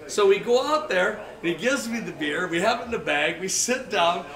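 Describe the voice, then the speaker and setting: A man's voice: sits high, normal speed. An older man telling long, rambling stories in a casual chat at a noisy bar. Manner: rambling, animated storyteller. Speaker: guest storyteller. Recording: echoey bar, far from the mic. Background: bar crowd chatter.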